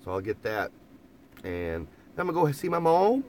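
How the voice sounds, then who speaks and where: A man's voice: medium pitch, big pitch swings, normal speed, a little mellow, a little hiss or hum. A man in a casual, rambling live chat from inside a camper van, laughing often and repeating phrases. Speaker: vlogger reading live chat.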